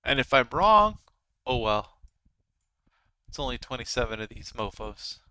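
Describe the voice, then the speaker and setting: A man's voice: mid-range voice, very animated, unhurried, bright, forceful tone, a little hiss or hum. A man in his thirties hosting a live trading stream, chatting casually with his viewers as he comments. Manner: chatty, talks to viewers and chat. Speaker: livestream trading host.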